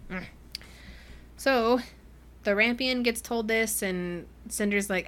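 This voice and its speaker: A woman's voice: a little high, slow, slight background noise. Chatty young woman recapping a novel. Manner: chatty, animated retelling, acting out characters' lines. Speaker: book club podcast host. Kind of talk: casual chat recapping a book.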